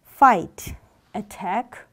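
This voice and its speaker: A woman's voice: extremely slow, fairly bright tone. Woman teaching English. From Georgia. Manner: explains and repeats patiently, questions the class. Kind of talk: classroom lesson.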